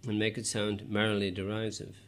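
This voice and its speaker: Low-voiced man narrating an audiobook. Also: monotone. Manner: measured, wry asides. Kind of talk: scripted narration.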